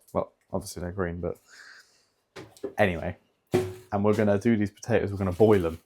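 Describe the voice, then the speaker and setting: A man's voice: on the low side, a little mellow, slight background noise. A young man in casual vlog chat, rambling with many fillers and swearing, a fitness vlogger.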